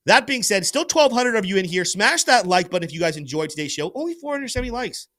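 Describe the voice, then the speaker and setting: A man hosts a crypto livestream, his fairly high voice bouncing up and down in pitch as he pushes viewers to like the video and join up. He talks with an animated, salesy drive. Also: fast talker. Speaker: crypto show host. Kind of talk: livestream market commentary.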